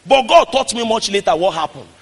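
A man with a Nigerian accent preaching a fiery sermon as pastor, swinging from quiet talk to shouted declarations. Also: sits high, expressive, a little fast, breathy edge, big-room sound.

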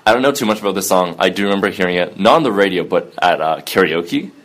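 Low-voiced hesitant young male co-host. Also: expressive, fast talker, a bit bright. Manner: hesitant, many ums, giggly. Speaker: podcast co-host. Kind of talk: casual chat.

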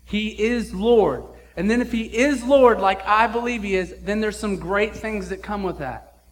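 A man's voice: sits high, normal speed. A man preaching a sermon as pastor, blunt and emphatic, with casual slang.

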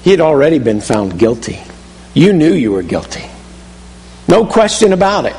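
A man's voice: a little high, very animated, normal speed, a little mellow, in a large hall, poor audio. A man preaching a sermon, telling a story vividly in the second person and often restarting his phrases. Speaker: pastor.

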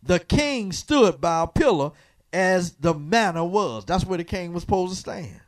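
A man preaches in a sanctuary, teaching from the Bible call-and-response style. His voice sits high and swings widely in pitch. He teases the congregation and keeps prompting them to answer. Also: big pitch swings, a little slow. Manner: asks the congregation to fill in words, teasing and preacherly. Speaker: pastor. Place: church sanctuary.

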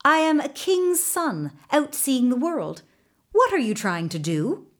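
A woman's voice: high-pitched, big pitch swings, measured pace, pitched above the performer's own voice. A woman voicing a determined young prince in a storybook tale, eager and bold. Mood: confident. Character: bold young prince in disguise, the gardener's boy.

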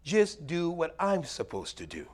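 A middle-aged man preaching a sermon as pastor, animated, swinging between loud highs and quiet low murmurs. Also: unhurried.

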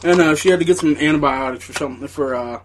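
Brief: man on a comedy podcast, high and bright, crude and giggly, faint hiss behind. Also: fast talker. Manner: crude, laughs through his stories. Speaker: podcast co-host. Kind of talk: casual comedic chat.

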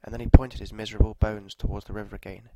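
A man narrating a scripted story in a measured, even delivery, with walking directions at the end. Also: lowish voice, noisy background.

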